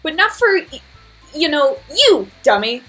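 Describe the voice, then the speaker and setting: A woman's voice: very animated, unhurried, a bit bright, soft background music, full character voice. A woman voicing a bratty, snappy teenage schoolgirl in a game reading. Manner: high, snappy, tsundere huffing. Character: bratty loud teenage schoolgirl who bakes.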